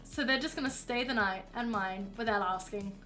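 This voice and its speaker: A woman's voice: a little high, moderate pace, pushed and bright, soft background music. A woman streamer telling a story casually, rambling along with plenty of fillers while she paints at home.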